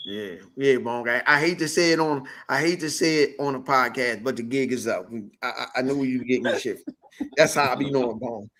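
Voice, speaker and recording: A man's voice: mid-range voice, fairly quick. A man hosting a podcast, telling a story in casual chat, swearing a lot and acting out what people said. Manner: animated storytelling, swearing, acts out quotes. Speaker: podcast host.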